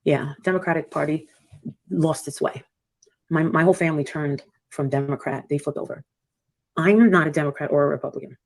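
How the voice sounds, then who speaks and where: A woman with a low, brisk voice and some vocal fry hosts a casual livestream, talking bluntly with callers. She swears freely and acts out the dialogue she quotes, and the recording has no room sound.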